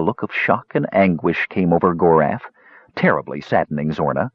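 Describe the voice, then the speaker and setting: A man narrating a story in an expressive, dramatic reading, in a slightly muffled recording. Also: sits low, moderate pace, breathy edge, no room sound.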